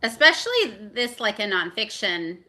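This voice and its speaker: A woman's voice: medium pitch, very animated, moderate pace, sharp tone. A woman guest chatting casually on a livestream, easygoing and a bit hesitant. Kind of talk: casual chat.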